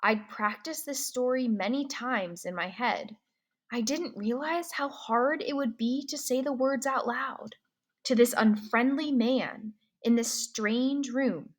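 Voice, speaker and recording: A woman reading a novel aloud in the first person, pausing to ask comprehension questions, slow and clear. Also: fairly high pitch. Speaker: reader.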